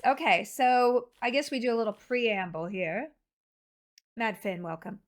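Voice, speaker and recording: A woman's voice: on the high side, expressive, measured pace. A woman game streamer chatting casually and rambling to her live chat.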